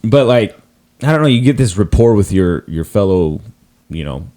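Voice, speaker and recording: Lowish voice dude on a podcast, rambly, fumbles words, swears a bit. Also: male voice, lively intonation, normal speed, mellow. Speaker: podcast co-host. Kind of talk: casual chat.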